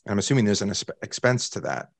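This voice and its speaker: A man's voice: lowish voice, animated, fast, gravelly, no echo. A man co-hosting a casual podcast, thinking aloud with frequent restarts and repeated words. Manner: hesitant, restarts and repeats while working out a point.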